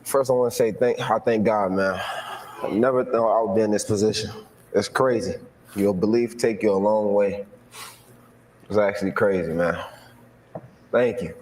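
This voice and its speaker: A man's voice: fairly low pitch, steady tone, normal speed, pauses often, darkish tone. Young guy thanking everyone on stage, emotional, casual slang, big echoey hall. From Florida. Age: young adult. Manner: heartfelt, repetitive, casual slang. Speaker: award winner giving a speech. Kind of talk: emotional acceptance speech. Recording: echoey hall, faint noise.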